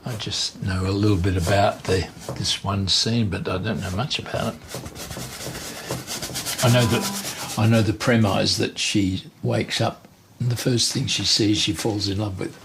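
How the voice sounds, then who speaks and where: An older man with an Australian accent, a painter and entertainer, telling stories in a chatty, animated way. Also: fairly low pitch, unhurried, gravelly, slight background noise. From Western Australia.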